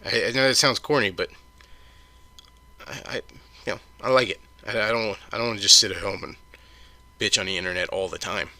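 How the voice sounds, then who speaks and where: Guy ranting solo on his podcast, real bright edgy voice, dry close sound, swears a lot and trips over his words. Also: on the low side, a little fast, long pauses, dry recording. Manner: heated, profane, stumbling restarts. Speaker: podcast host.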